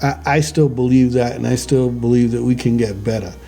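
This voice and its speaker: A man telling stories in a casual podcast chat, animated, swearing easily and repeating words as he goes. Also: mid-range voice, fairly quick, vocal fry, soft background music.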